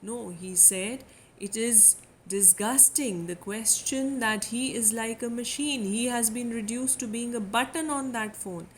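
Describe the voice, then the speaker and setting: A woman's voice: on the high side, measured pace, a little hiss or hum, low-quality recording. A woman with an Indian English accent, a literature lecturer explaining a poem line by line, reading quoted lines with emphasis before paraphrasing them.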